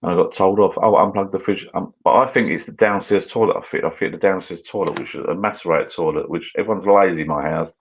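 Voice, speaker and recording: A man's voice: low-pitched, fast, vocal fry, few pauses, highs cut off. A British man hosting a casual live stream, chatting loosely and reading viewer comments aloud as he drinks. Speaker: channel host.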